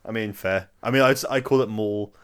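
A man's voice: on the low side, a little fast, smooth. A man hosting a podcast in casual chat, laughing often and hesitating with fillers. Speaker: podcast host.

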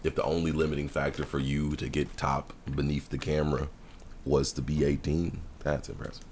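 A man's voice: very deep voice, monotone, fairly quick, a little mellow, slight background noise. A young man co-hosting a podcast, teasing his friends in casual, profane banter. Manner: teasing, profane, laughs often. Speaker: podcast co-host.

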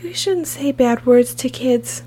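Woman doing a bossy prim girl scout kid, high voice but mellow, tabletop rp. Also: unhurried, slight background noise. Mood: scolding. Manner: scolding, proper. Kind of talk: improvised tabletop role-play.

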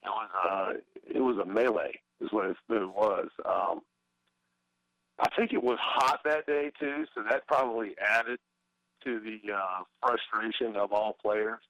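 A man's voice: fairly low pitch, a little slow, fairly bright tone, no room sound, dull audio. A middle-aged man, a former baseball player, talking as a guest in a casual interview, hesitant with many fillers and restarts.

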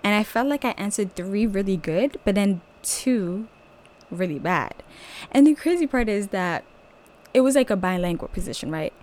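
A young woman whose first language is French tells a personal testimony on her podcast. She talks casually, leaning on "like" and acting out her own reactions, her voice leaping high in the excited moments. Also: normal speed. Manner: animated storytelling, many "like" fillers, voice jumping up when excited. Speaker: podcast host.

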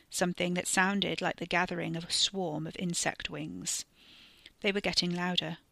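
A woman reads dark fiction in a measured, deliberate voice that slows down at tense moments. Her tone is bright and a little low, and the sound is dry and close with no room around it. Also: no room sound. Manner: measured, slowing for tension. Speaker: podcast storyteller. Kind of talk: scripted narration.

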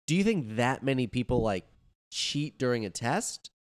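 A man's voice: medium pitch, very animated, normal speed, dry recording. A young man in casual chat who lays out hypothetical questions to his friends.

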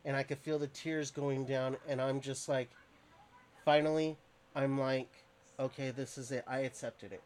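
A man's voice: medium pitch, level tone, a little mellow, a little hiss or hum. Earnest man telling a story. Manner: earnest, halting, emotional retelling with restarts. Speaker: podcast host. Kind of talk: casual storytelling.

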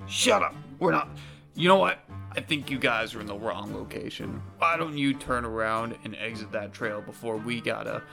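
Greedy goblin guard, male, pushy and shouty, pitched up with a gravelly edge, put on by a man running a tabletop game. Faint music runs underneath. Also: normal speed. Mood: bossy. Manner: pushy, bargaining, shouty bursts.

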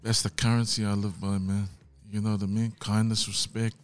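A man's voice: fairly low pitch, little pitch movement, a little fast. A man, a guest singer, talking earnestly in casual chat, often asking "you know what I mean". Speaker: guest, singer and worship leader.

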